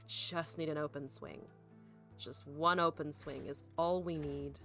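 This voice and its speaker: Woman streamer, lowish pitch and a forceful edge, casual play-by-play talk to chat. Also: lively intonation, measured pace, creaky, faint music behind. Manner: thinks aloud, swears, talks to chat. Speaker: card game streamer. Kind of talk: live gameplay commentary.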